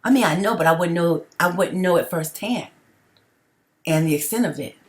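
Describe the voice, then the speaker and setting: A middle-aged woman vlogger addresses her audience directly at a normal speed in a lowish voice. Her delivery is emphatic and repetitive, punctuated by frequent "okay?" check-ins.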